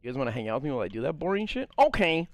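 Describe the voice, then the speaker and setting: A man streaming a game, telling a story in a casual, animated, swearing ramble and talking to his chat. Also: medium pitch, no room sound. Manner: animated, profane, fast-rambling. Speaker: gaming streamer.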